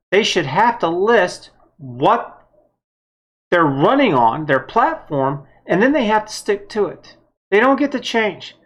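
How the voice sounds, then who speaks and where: A woman giving a blunt, heated political opinion monologue, with some mild swearing. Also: lowish voice. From United States. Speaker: vlogger.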